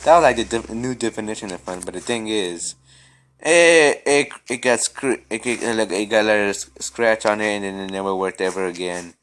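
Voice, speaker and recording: A man's voice: fairly low pitch, moderate pace, a bit bright, smooth. A young man vlogging casually while playing a game, rambling with many restarts and stammers. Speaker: gaming vlogger.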